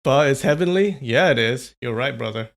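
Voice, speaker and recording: A man's voice: mid-range voice, animated, moderate pace, vocal fry. A young man chatting casually on a live stream, rambling and answering viewers' comments.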